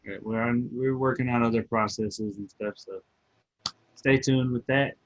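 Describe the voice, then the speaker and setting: A man co-hosting a podcast in a laid-back, halting way as he wraps up the show. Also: medium pitch, fairly even intonation, no room sound. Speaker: podcast co-host. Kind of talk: casual podcast sign-off. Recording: dry, slightly dull lo-fi sound.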